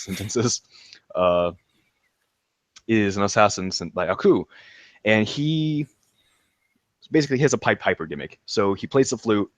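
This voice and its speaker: A man's voice: lowish voice, no echo. A man chatting casually on a podcast, enthusiastically recapping a show, laughing and restarting his sentences with lots of ums. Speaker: podcast co-host reviewing a show. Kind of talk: casual review chat.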